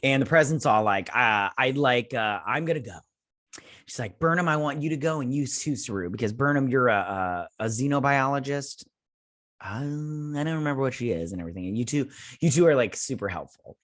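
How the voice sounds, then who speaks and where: Guy doing a snarky show recap, mid pitch, lots of uh's and laughs, mocks the characters. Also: lively intonation, a little fast, a bit bright, dry recording, clean studio sound. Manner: sarcastic, mocks characters in silly put-on quotes; laughs often, swears, trails off with fillers. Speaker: host of a TV breakdown channel. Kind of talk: casual recap and rant.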